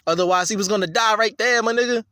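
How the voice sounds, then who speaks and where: A man's voice: high-pitched, fast, pushed and bright, no room sound. A man reading scripture and breaking into an emphatic, profane, repetitive rant about it. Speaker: scripture reader and commentator.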